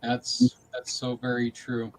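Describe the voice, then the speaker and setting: A man's voice: mid-range voice, monotone, slow pace, rough recording. A man hosting a panel talk, affirming the speakers and passing questions along. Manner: affirming, moderating. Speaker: host.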